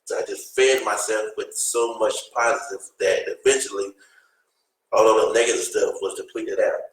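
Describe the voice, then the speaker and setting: A man's voice: on the low side, steady tone, normal speed. A man on a discussion panel who offers advice in a plain-spoken way. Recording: echoey room, far from the mic.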